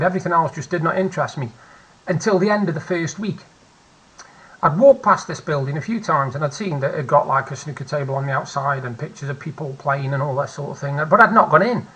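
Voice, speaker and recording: A man's voice: on the high side, a bit bright, slightly rough, poor audio. A man in his forties with a British accent, telling a candid personal story at home in a chatty vlog, repeating phrases for emphasis. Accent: British English. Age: 40s. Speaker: vlogger. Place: at home, seated.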